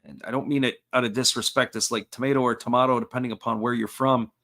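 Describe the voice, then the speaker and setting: A man calling a baseball game live, his voice sitting at an everyday middle pitch. He talks in an easygoing, folksy way, describing each pitch and chatting with viewers in between. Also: quick pace. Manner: steady, folksy play-by-play with asides to chat. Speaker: play-by-play commentator.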